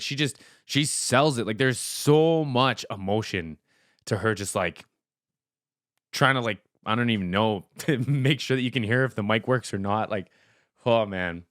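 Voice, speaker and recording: A man hosting a casual music reaction, excitable and laughing often, with lots of "like" fillers and casual swearing. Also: on the low side, clear, resonant tone, no room sound, studio quality.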